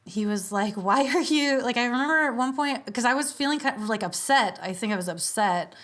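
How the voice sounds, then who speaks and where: A woman's voice: on the high side, brisk, a bit bright. A woman, a podcast guest, telling a story in casual conversation, chatty with many fillers and easy laughs.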